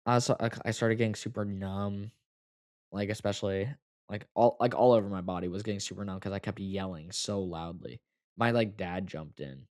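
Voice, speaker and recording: A young man telling a personal story to the camera, halting and full of fillers, close to tears at times. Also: lowish voice, no room sound. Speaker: vlogger.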